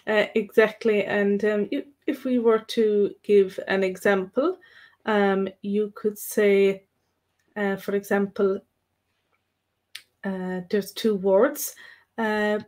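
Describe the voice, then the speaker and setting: A woman's voice: mid-range voice, little pitch movement, slow, a little mellow. Hesitant woman teaching on a live stream. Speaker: co-host and Irish teacher. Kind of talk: live-stream language lesson.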